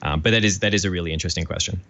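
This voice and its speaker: An Australian man, a podcast guest, explaining software eagerly with lots of fillers. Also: deep voice, rapid-fire, highs cut off. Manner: enthusiastic, many fillers, quotes imagined requests.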